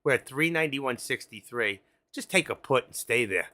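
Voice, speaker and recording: A man giving excitable, frantic live commentary on his options trades, talking straight to viewers. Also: mid-range voice, moderate pace. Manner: excitable, frantic, swears mildly, talks to viewers as folks.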